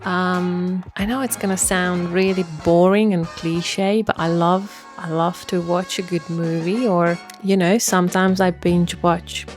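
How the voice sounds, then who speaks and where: A woman's voice: on the low side, little pitch movement, unhurried, hardly any pauses, faint music behind. A woman from Hungary with a Hungarian accent, chatting casually and self-deprecatingly, with plenty of "like", in a get-to-know-me vlog. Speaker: vlogger.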